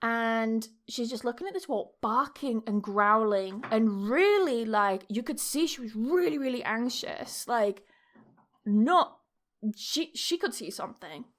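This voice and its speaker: A woman's voice: on the high side, animated, measured pace, fairly bright tone. A young woman, hosting a podcast and telling a story in a rambling, chatty way, swearing freely and laughing often. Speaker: podcast host. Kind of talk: casual storytelling monologue.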